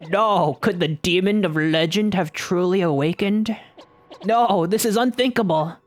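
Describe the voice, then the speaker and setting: A man's voice: sits high, unhurried, faint music behind, pitched above the performer's own voice. A man voicing a fussy old professor in a put-on British accent. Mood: alarmed. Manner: fussy, exaggerated.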